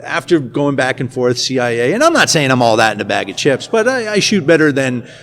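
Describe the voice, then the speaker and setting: A man talking casually as an interview guest, an animated storyteller who works as a school nurse and firearms instructor. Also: mid-range voice, a little fast. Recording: faint background noise at a conference.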